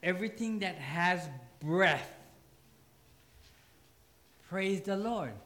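A man's voice: high voice, drawn-out words, a bit bright. A man preaching a sermon in church with a light tinge, joking with the congregation. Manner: joking, playful asides to the congregation. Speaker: pastor.

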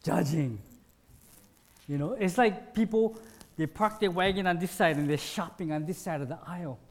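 Man, high voice, informal teacher, animated, humorous, short phrases. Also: normal speed. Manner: animated, acts out everyday scenes with humor; self-deprecating, speaks in short phrases. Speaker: teacher giving a talk.

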